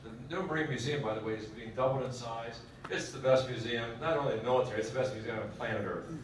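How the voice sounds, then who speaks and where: A man's voice: medium pitch, quick pace, slight background noise. A man speaking at a military education session, telling a long joke in a folksy way and quizzing the audience. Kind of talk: storytelling lecture. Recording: echoey hall from far off.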